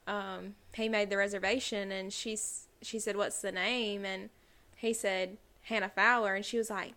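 A woman's voice: medium pitch, level tone, moderate pace, sharp tone. A young woman, co-hosting a casual podcast and telling rambling stories full of "like". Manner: rambling storyteller, heavy use of "like". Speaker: podcast co-host.

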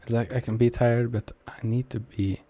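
A man's voice: mid-range voice, steady tone, normal speed, warm tone. A young man with a Norwegian accent giving casual, rambling, self-mocking commentary while he plays a shooter. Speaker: gamer commenting on his match.

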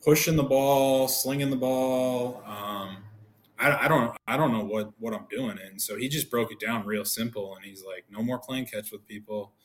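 Low-voiced man telling stories on a podcast. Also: normal speed. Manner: animated, acts out quoted dialogue. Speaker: podcast guest, former pro pitcher. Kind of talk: casual storytelling.

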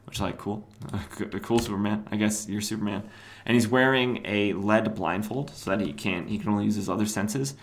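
Man, podcast host, low voice, rambling casual recap. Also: moderate pace. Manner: rambling, many fillers, chuckles at own asides. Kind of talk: casual comic book recap.

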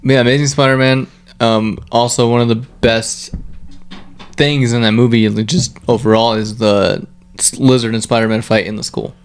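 A man co-hosting a podcast in relaxed casual chat, agreeable and playful. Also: mid-range voice, moderate pace, clear, resonant tone. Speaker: podcast co-host.

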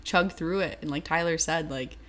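A woman's voice: low voice, moderate pace, a bit bright. A young woman co-hosting a podcast in casual chat, bubbly and full of fillers. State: pregnant, hiccups. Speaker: podcast co-host.

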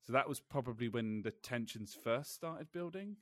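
A British man hosts a relaxed podcast conversation. He rambles through anecdotes with stumbles, restarts and laughter, at a middling pitch. The sound is dry and close. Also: normal speed, no echo. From Britain. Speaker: podcast host. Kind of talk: casual podcast chat.

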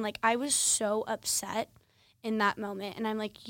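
A young woman hosts a podcast, talking through her own story in a candid, conversational way, full of fillers. Her voice sits in the middle of the usual pitch range for a woman. The recording is dry and close, with no room echo. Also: flat delivery, unhurried. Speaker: podcast host. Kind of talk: personal storytelling monologue.

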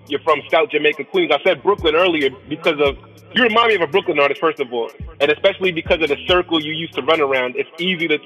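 Bright-voiced New man hosting. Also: a little high, breathy edge. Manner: relaxed, slangy, stumbles and repeats words. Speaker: interview host. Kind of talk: casual interview. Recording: dull, lo-fi sound.

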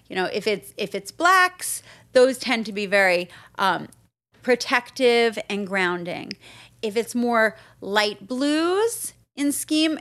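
A woman co-hosting a podcast in casual chat, explaining things in a steady teaching way like a shop owner. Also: medium pitch.

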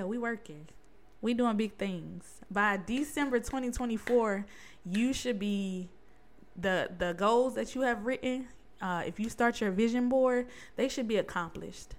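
A woman hosting her own podcast, speaking in in a chatty, motivational monologue, laughing often and sometimes dropping to a near-whisper. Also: mid-range voice. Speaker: podcast host.

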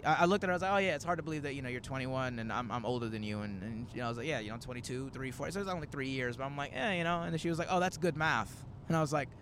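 A man's voice: mid-range voice, rapid-fire, hardly any pauses, fairly bright tone, slight background noise. A man in his twenties, a comedian hosting a casual road-trip chat, telling rambling stories full of quoted asides. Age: 20s. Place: in a moving car.

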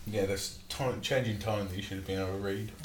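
A man co-hosting a podcast in casual chat, teasing and quick to laugh. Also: lowish voice, fairly even intonation, roomy sound, very noisy. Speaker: podcast co-host.

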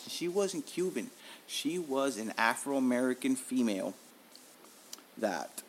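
A man's voice: medium pitch, a little hiss or hum. Profane storytelling podcast host, a man. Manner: profane, animated, tells stories with acted-out quotes. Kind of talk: casual storytelling monologue.

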